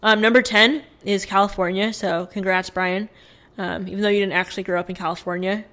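Speaking briskly in a steady, medium-pitched voice with a fairly bright tone, a woman co-hosts a laid-back podcast. Her news segments are chatty and read from notes, with lots of fillers.

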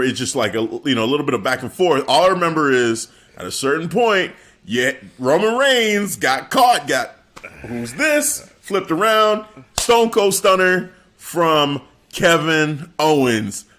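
A man's voice: on the high side, a little slow. A man in casual chat, recapping a wrestling show with laughs and acted-out quotes. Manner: animated, laughing, acting out quotes. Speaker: wrestling podcast co-host.

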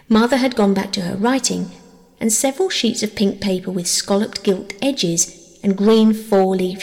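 Gravelly-voiced woman reading a bedtime story. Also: mid-range voice, darkish tone. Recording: long reverb.

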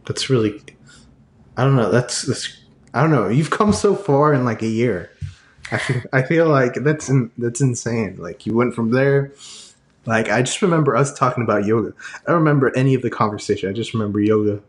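A man's voice: medium pitch, a little fast, roomy sound. A young man chatting casually with a friend, rambling and hesitant with lots of fillers. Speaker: friend in conversation. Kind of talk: casual chat.

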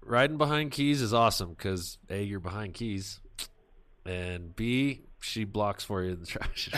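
A man hosting a podcast, chatting casually and telling animated, profane stories. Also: fairly low pitch. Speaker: podcast host. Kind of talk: casual chat.

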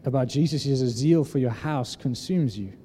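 A man in his thirties preaching a sermon, telling a story and acting out the dialogue with lively energy. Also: medium pitch, a little fast, husky. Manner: animated storytelling, acts out dialogue. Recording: echoey hall reverb.

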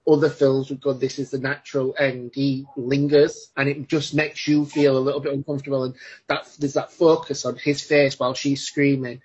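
A man's voice: mid-range voice, level tone, moderate pace, a little mellow, breathy edge. A man chatting enthusiastically about a film, rambling with restarts, as a podcast co-host. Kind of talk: casual film discussion. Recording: dull lo-fi sound.

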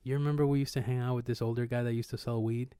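Young guy on a podcast, slangy rambling stories, pretty flat, clean dry sound. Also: medium pitch, racing, clear, resonant tone, no room sound. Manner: slangy, rambling, acts out quotes with swearing. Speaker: podcast co-host. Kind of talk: casual storytelling chat.

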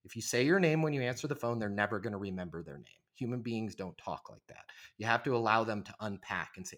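A man's voice: lowish voice, expressive, fast, hardly any pauses, fairly bright tone. Emphatic persuasive man in his forties. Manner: emphatic, persuasive, frequent "right?" tag questions. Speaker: sales trainer guest. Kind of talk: conversational podcast interview.

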